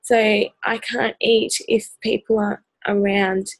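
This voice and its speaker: A woman's voice: mid-range voice, little pitch movement, takes it slowly, slightly rough, dry recording, low-quality recording. An Australian woman vlogging straight to camera, earnest and hesitant with many ums, sounding exhausted. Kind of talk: personal talk to camera.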